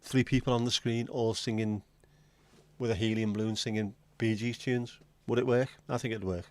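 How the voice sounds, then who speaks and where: A man's voice: medium pitch, steady tone, moderate pace. A man hosting a casual livestream, chatting to viewers with crude, self-mocking jokes. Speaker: livestream host.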